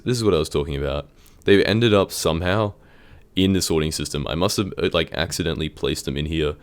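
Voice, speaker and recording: Fast-talking very deep-voiced young man. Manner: rambling, hesitant, lots of ums and likes. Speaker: Minecraft YouTuber. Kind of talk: casual gameplay commentary.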